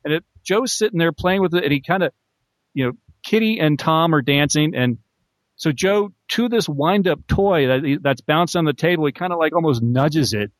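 A man's voice: on the high side, moderate pace, dry recording. A man co-hosting a podcast, casually recapping film scenes with fillers and chuckles. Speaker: podcast co-host.

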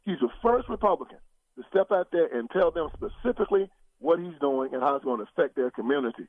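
A man's voice: lively intonation, fast talker, no echo. Older man preaching hard over a phone line. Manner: preacherly, emphatic, with sweeping rises in pitch. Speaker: guest commentator. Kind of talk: political talk show conversation.

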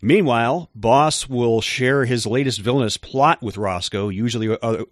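A man co-hosting a podcast, who explains things in a measured way with some filler words. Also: medium pitch, dry recording, clean studio sound. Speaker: podcast co-host. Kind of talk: casual chat.

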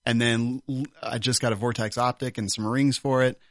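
A man's voice: mid-range voice, little pitch movement, normal speed, dry recording, clean studio sound. Joking man hosting a podcast. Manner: joking, laughing often. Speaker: podcast host. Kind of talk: casual chat.

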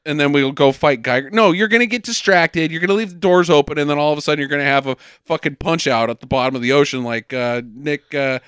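A man's voice: a little high, fast talker, hardly any pauses, clean tone, no room sound, clean studio sound. A man casually recapping a movie with a friend, swearing often and acting out the characters. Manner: animated, swearing, acts out characters. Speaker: podcast co-host.

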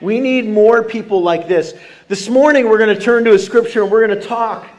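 A man preaching a sermon as pastor, animated and calling out questions to the congregation. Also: high-pitched, a little fast, highs cut off. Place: church sanctuary.

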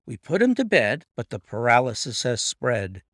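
A man's voice: medium pitch, big pitch swings, moderate pace, a bit bright, no room sound, studio quality. A man voicing a distressed young man who tells his story in an earnest, agitated way. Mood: grave.

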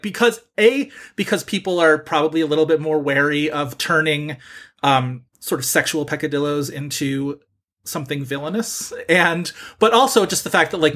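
Animated chatty male podcast host. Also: a little high. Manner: animated, full of "like" fillers. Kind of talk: casual chat.

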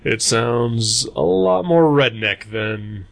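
Gravelly guy cohosting a comics podcast, rambles a lot, lots of uhs. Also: mid-range voice, animated, slow pace, slight background noise. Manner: rambling, hesitant with many fillers. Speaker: podcast co-host. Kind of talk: casual comics podcast chat.

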